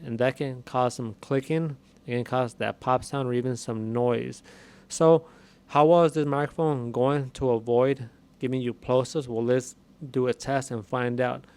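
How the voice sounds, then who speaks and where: A man's voice: mid-range voice, a little mellow, smooth. Man, casual demo talk, close dynamic mic, home room, plain and repetitive explaining. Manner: plain, conversational, repeats himself while explaining. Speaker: tech reviewer. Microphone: USB dynamic microphone with headset.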